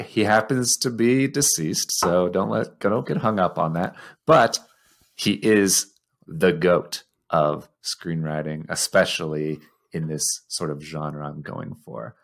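Male co-host, deep and gravelly, laid-back and wry. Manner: easygoing, wry, multitasking while talking. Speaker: podcast co-host. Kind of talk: casual chat.

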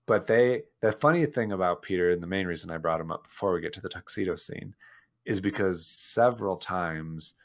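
A man co-hosting a casual podcast about a movie, laughing often and acting out scenes in quick voices. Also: sits low. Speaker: podcast co-host.

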